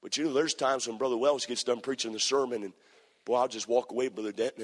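A man preaching a sermon, telling a story with impassioned, repetitive phrasing that builds to near-shouted climaxes. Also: mid-range voice, fairly even intonation, fast. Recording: long hall reverb.

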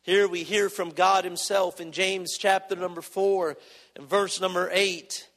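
Male preacher, high voice, impassioned sermon, reverberant church hall. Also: flat delivery, a little slow, a bit bright. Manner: impassioned, rising and dropping in volume, acting out prayers.

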